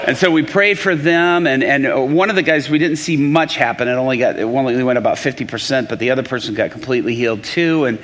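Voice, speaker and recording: A man preaching, telling a testimony story with lively pacing, frequent restarts and acted quotes. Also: medium pitch, fast talker, hardly any pauses, slight background noise. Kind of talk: testimony sermon. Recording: long hall reverb.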